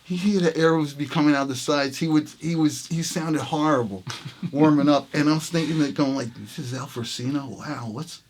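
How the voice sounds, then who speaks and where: A jazz trumpet player telling a story in an interview, laughing often and acting out the lines of the people in it. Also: male voice, a little high, steady tone, normal speed, a little mellow, a little hiss or hum. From New York City. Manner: laughing, reenacts quotes with voices.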